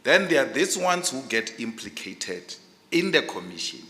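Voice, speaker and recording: Forceful commissioner. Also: male voice, mid-range voice, big pitch swings, normal speed. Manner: forceful and insistent, speaks loudly by habit. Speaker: commissioner questioning. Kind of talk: pointed questioning at a hearing. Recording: long reverb in a large hall.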